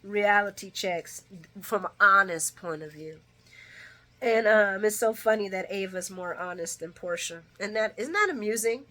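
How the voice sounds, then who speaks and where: A woman recapping a daytime soap in a casual vlog. She talks in an opinionated, chatty way, her voice jumping between loud bursts and quiet low asides, at a middling pitch. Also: moderate pace. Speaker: soap opera recap vlogger.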